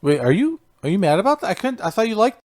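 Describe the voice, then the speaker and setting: A man's voice: high voice, sing-song, fast talker, a little mellow. A man co-hosting a podcast, chatting casually and agreeably, often trailing off. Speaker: podcast co-host. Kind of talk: casual podcast review chat.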